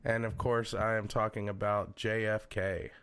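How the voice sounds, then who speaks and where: A man's voice: on the low side, level tone, moderate pace, fairly bright tone, smooth. A man hosting a podcast, chatting casually and telling stories. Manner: chatty and storytelling, with a few fillers. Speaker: podcast host. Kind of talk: casual chat.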